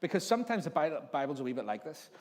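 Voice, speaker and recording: Very animated and fast, the fortyish Northern Irish pastor speaks in a voice on the high side with a slightly mellow quality. The large church hall carries his jokey sermon, where he performs the voices of people he's overheard.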